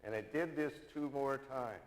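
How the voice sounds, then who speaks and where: An older male minister preaches in an easy storytelling way, repeating his main points for weight. His voice sits at an everyday pitch and carries a long hall reverb around it. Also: normal speed. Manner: storytelling, repeats key lines for emphasis. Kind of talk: sermon.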